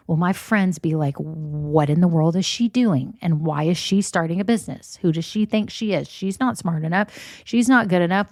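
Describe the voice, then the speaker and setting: A business coach hosts her own solo podcast, speaking in a lowish, somewhat dark voice. She's candid and encouraging, frequently saying "y'all" and giving voice to her listeners' worries. The sound is clean studio audio with no room echo.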